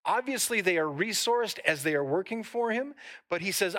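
A pastor delivering a sermon in a high, bright voice. He preaches with lively asides to the congregation. He also reads long scripture passages aloud. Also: moderate pace.

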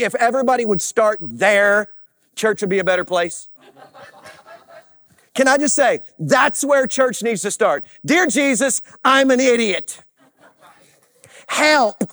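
A man with a very high voice preaching a sermon in unhurried, drawn-out phrases. He trades call-and-response with his congregation and slips in comic asides. The sound is close and dry. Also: a bit bright, dry recording. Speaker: pastor. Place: church sanctuary with congregation.

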